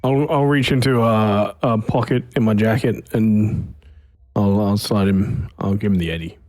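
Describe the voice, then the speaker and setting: A man's voice: on the low side, fairly even intonation, measured pace, darkish tone. A man playing a tabletop role-playing game, talking in a blunt, joking way with casual swearing. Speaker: player.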